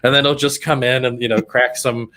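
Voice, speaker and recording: A man co-hosts a relaxed conversation with a mid-range voice. He thinks aloud, uses plenty of fillers, and breaks into light giggles as he talks. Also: mid-range voice, a little fast. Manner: giggly, thoughtful, many fillers. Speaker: podcast co-host. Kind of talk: casual chat.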